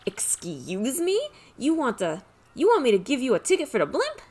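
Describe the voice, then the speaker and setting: Casting: woman putting on a tough-talking male mob boss for a game let's play, fake mobster accent, lively swings in pitch. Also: normal speed. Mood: mocking. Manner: put-on mobster accent, tough-guy slang. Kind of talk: reading game dialogue aloud.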